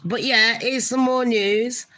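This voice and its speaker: A woman's voice: fairly high pitch, steady tone, slow, pushed and bright, low-quality recording. A woman hosting a casual gossip live stream, chatting with viewers and swearing now and then. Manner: chatty, swears, talks to viewers as honey pot. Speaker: gossip channel host.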